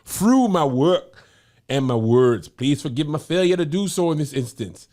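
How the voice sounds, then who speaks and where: A man putting on a pompous, overblown apology voice in a British-ish accent that keeps wandering off course. The pitch swings widely and grandly, and the delivery is loud and showy, like a mock statement read on a comedy podcast. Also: expressive, normal speed, natural voice. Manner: overblown, pompous, breaking into laughs.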